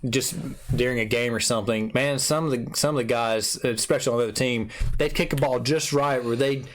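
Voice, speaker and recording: A man's voice: medium pitch, brisk, a little hiss or hum. Laughing man telling stories. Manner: animated storyteller, laughs often, acts out his own quotes. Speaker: podcast host. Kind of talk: casual chat.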